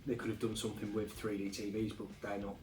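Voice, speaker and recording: A man's voice: on the low side, quick pace. Chatty man in an echoey room. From England. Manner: relaxed, chatty, many restarts and fillers. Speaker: game collecting vlogger. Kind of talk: casual chat. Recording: echoey room, faint music behind.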